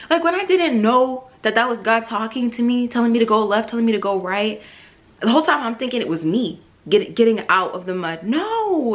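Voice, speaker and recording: Animated young woman sharing a testimony. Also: a little high, normal speed. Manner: emotional, rambling, laughs often, many fillers. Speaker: vlogger sharing her faith testimony. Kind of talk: casual personal testimony.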